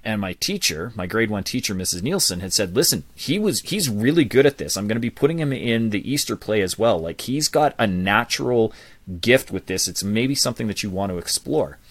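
Animated man telling his story. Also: on the low side, dry recording. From Canada. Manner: animated storyteller with lively asides and restarts. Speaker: guest, public speaking coach. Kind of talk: personal storytelling in an interview.

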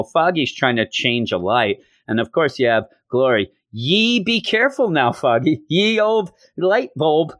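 A middle-aged man hosting a comic book podcast, animated and gleeful, acting out the dialogue as he recaps it. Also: mid-range voice, no room sound. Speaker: podcast host.

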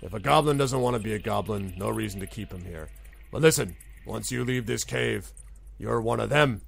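A man voicing a gruff, wary male goblin chief who speaks curtly and grudgingly. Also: lowish voice, normal speed. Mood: warning.

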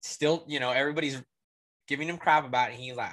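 A man's voice: mid-range voice, fast talker. Blunt young man talking sports. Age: young adult. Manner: animated, laughs while telling stories; blunt, swears casually. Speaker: podcast co-host. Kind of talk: casual sports chat.

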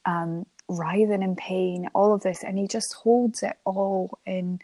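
A young woman, a guest in an interview, chatting warmly about her life and laughing often as she tells a story. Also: mid-range voice, fairly even intonation, takes it slowly, no room sound. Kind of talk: emotional interview conversation.

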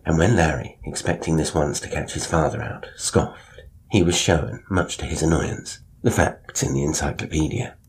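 Very deep-voiced male story narrator. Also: normal speed, hardly any pauses, a little hiss or hum.

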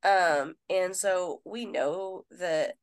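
A woman's voice: on the low side, extremely slow, clean tone. A woman, a nurse co-hosting a podcast, telling stories in casual chat, quoting people and swearing freely. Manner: animated storyteller, quotes people, swears casually.

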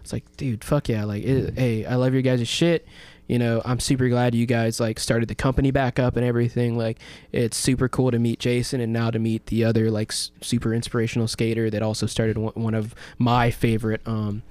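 Guy in his 20s hosting a radio talk show, rambly animated story with lots of likes and cussing, dead dry mic. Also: medium pitch, brisk, clean tone, no echo. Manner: animated storyteller, acts out quotes with lots of swearing and fillers. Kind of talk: casual chat, storytelling.

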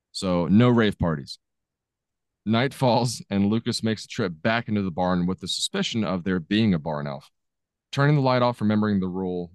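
A man's voice: fairly low pitch, a little mellow, smooth, no echo. A man co-hosting a podcast, casually recapping a movie's plot with a laid-back manner and occasional chuckles. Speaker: podcast co-host recapping a film.

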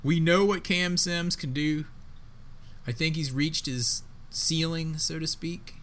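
A man co-hosting a casual sports podcast, talking in an emphatic, excitable way with plenty of slang. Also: fairly high pitch, slow pace. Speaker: podcast co-host.

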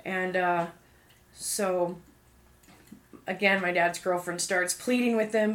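A woman's voice: lowish voice, slow, long pauses. A young woman casually telling a personal testimony, full of fillers and acted-out quotes. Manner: fillers like "um" and "like", animated quoting. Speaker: guest sharing testimony. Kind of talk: casual storytelling.

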